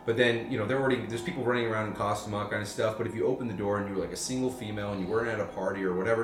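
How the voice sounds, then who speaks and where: Man, casual podcast chat, rapid and lowish, roomy sound with music behind. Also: fairly even intonation. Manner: fast, loose storytelling with many fillers. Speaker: podcast co-host.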